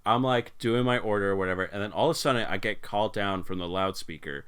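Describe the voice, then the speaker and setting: Low-voiced young man ranting casually. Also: fast, fairly bright tone, smooth. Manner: rambling, swears a lot, mimics coworkers in put-on voices. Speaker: podcast host. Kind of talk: casual podcast chat.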